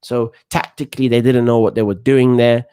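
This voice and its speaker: A man's voice: mid-range voice, level tone, brisk, dark tone, smooth. A man in his thirties with a London accent, giving chatty, self-assured commentary on a football watchalong stream and reading chat. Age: 30s. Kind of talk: casual live-stream commentary.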